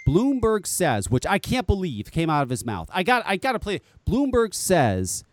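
A man's voice: high-pitched, moderate pace, dry recording. A man hosting a live call-in show, talking casually and rambling, with frequent swearing. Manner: animated, rambling, swears freely. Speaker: podcast host. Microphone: headset.

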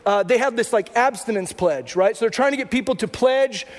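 Middle-aged guy preaching, high voice, casual storytelling with jokes at his own expense, big echoey church. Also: a little fast. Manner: conversational storytelling with self-mocking humor. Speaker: pastor. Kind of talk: sermon. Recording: long church hall reverb.

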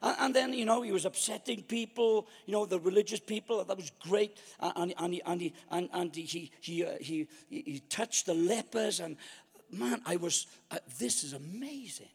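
Man preaching, high-pitched, gravelly, lively storytelling, echo of a big hall. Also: moderate pace. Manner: animated storyteller, acts out his own past thoughts. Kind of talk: storytelling sermon.

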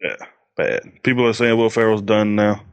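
A man's voice: fairly low pitch, steady tone, normal speed, smooth, no room sound, highs cut off. A young man in casual chat about films, blunt, stammering on restarts and swearing.

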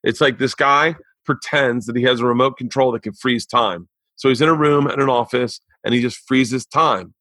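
A man in his forties hosting a podcast, telling stories in an animated, rambling, profane way. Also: medium pitch, normal speed, few pauses, no echo. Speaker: podcast host. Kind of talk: casual chat.

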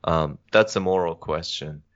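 A young man, a philosophy student, talking through ideas on a podcast in a measured, methodical way with many pauses. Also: low voice. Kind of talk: casual podcast discussion. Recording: dull lo-fi podcast audio.

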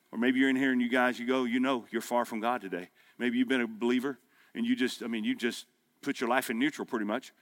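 A man preaching a sermon at a men's breakfast, folksy and emphatic, climbing to loud peaks. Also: medium pitch. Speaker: pastor. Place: men's breakfast gathering hall.

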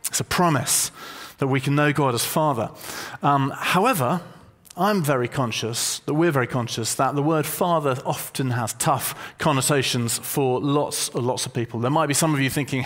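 A man preaching a sermon to a congregation, conversational and gently humorous as he explains a word. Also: medium pitch, moderate pace. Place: church hall with a congregation.

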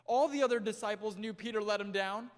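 A young male pastor preaching a sermon in a church, swinging between loud and hushed delivery. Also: high-pitched, a little fast. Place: church sanctuary. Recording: long hall reverb.

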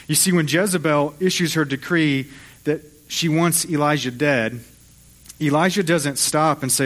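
Pastor preaching a lively story-driven sermon. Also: male voice, fairly high pitch, unhurried. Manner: storytelling, acts out voices of biblical figures.

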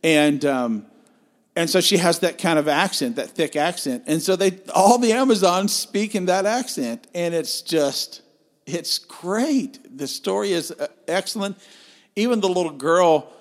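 A man's voice: high-pitched, expressive, a little slow. A man co-hosting a film review podcast, talking casually and enthusiastically, often stumbling and restarting his sentences.

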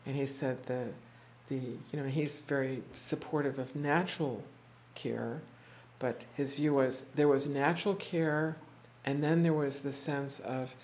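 A teacher speaking to a small class, retelling stories in a reflective, unhurried way, acting out the quoted voices and often restarting words. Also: mid-range voice, a little mellow, a little hiss or hum. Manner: halting restarts and repeated words. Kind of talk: storytelling talk to a small group. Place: indoor room with a small group.

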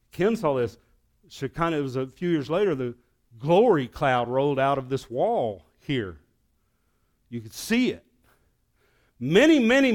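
A man preaching as pastor of his church, telling a story, dropping to a hush and then rising to loud, excited peaks. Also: on the high side. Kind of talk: sermon. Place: church sanctuary.

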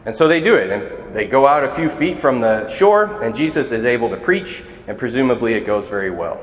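A man's voice: mid-range voice, lively intonation, fairly quick. Guy deacon giving a chatty earnest sermon, big echoey church, long reverb. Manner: conversational, earnest preaching.

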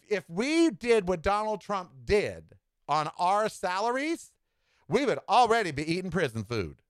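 A man hosting his own podcast, giving a sassy, opinionated monologue with campy asides and dramatic swings in delivery. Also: dry recording. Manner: dramatic swings in pitch and tempo. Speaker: podcast host.

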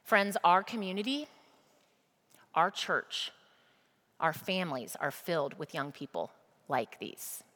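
A woman's voice: fairly low pitch, very animated, slow, pauses often, fairly bright tone. A woman preacher giving a sermon, telling a story emphatically and addressing the congregation directly. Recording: long reverb of a large hall.

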